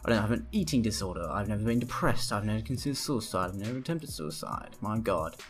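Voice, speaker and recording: Sarcastic young man ranting, low voice. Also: expressive, quick pace, faint music behind. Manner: sarcastic, swearing, rambling. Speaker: vlogger. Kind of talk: profane reaction rant.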